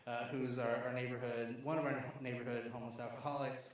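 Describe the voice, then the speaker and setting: A man's voice: medium pitch, level tone, a little fast. A man from Arkansas tells stories in a loose, conversational way, full of fillers and restarts. His voice bounces around a very reverberant lecture hall. A faint background hum runs underneath. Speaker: speaker at a lecture series. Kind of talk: storytelling talk. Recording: very echoey hall.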